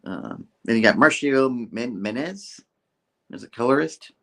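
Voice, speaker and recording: A man's voice: medium pitch, animated, measured pace, fairly bright tone. A man hosting a comic book review show, recapping casually and rambling, with restarts and laughs.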